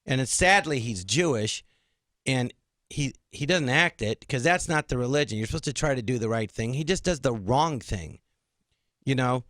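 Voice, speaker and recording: A man's voice: medium pitch, expressive, moderate pace, a bit bright, dry recording. A man guesting as a comedian on a radio studio show, telling stories indignantly and acting out the exchanges he describes. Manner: indignant, rambling, acts out quoted exchanges. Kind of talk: animated storytelling in a studio interview.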